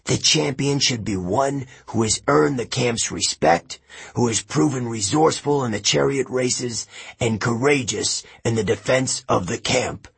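A cruel and sneering ancient king talks down to a crowd of children, as a man narrating an audiobook puts him on. The voice is husky and rough, and it moves at a slow, deliberate crawl. His manner is menacing, like a villain telling a ghost story. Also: mid-range voice, heavily acted. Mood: grandly scornful. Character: cruel, scornful ancient male king turned camp director.

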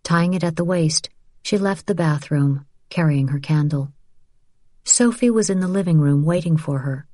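A woman reading an audiobook in measured, even scripted narration. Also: sits low, dry recording, studio quality.

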